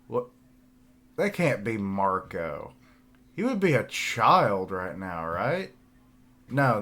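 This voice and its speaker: A man streaming a casual manga reaction, thinking aloud, reading the panels' dialogue aloud in a flat tone, and laughing often. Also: lowish voice.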